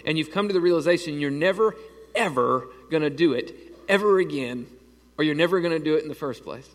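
Animated man in his thirties preaching. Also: a little high, fast talker, long reverb tail. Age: 30s. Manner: conversational preaching, animated storytelling. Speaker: pastor. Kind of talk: sermon.

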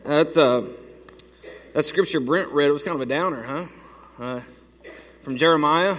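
A man's voice: fairly high pitch, moderate pace, pauses often, a bit bright, in a large hall. A man preaching a sermon to his church, telling a story casually with lots of restarts and fillers. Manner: conversational storytelling with many restarts. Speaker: pastor. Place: church sanctuary.

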